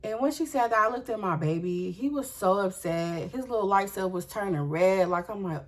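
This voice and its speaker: Young woman, storytime vlogger, animated and profane, talks straight to her viewers. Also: mid-range voice, moderate pace, few pauses. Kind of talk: storytime vlog.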